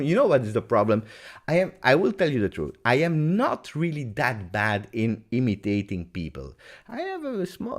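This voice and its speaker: A man hosting a live football Q&A in a chatty, joking way, often addressing his viewers as friends. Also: medium pitch. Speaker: football channel host. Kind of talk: live Q&A chat.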